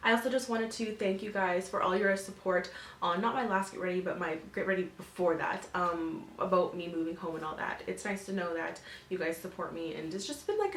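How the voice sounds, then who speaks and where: A woman's voice: mid-range voice, echoey room, slight background noise. A woman in her twenties, a beauty vlogger, chatting casually through a makeup tutorial with lots of fillers. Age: 20s. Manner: chatty, filler-heavy, upbeat.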